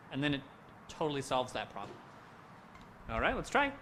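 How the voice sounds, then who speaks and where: A man's voice: medium pitch, sing-song, normal speed, pauses often, bright, forceful tone, slight background noise. A man leading a handbell rehearsal over a video call, encouraging the ringers while singing rhythms and counting beats aloud. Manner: upbeat, encouraging. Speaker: handbell choir conductor. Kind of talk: rehearsal instruction.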